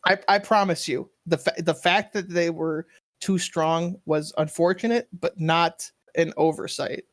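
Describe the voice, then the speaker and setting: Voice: mid-range voice, fairly even intonation, measured pace, no room sound, studio quality. A game master narrating and checking in with players, easygoing and explanatory.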